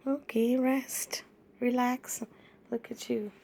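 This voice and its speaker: A woman filming her kitten and talking to it in sing-song baby talk, asking it many gentle questions. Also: on the high side, little pitch movement, takes it slowly, creaky, slight background noise. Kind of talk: cooing pet talk.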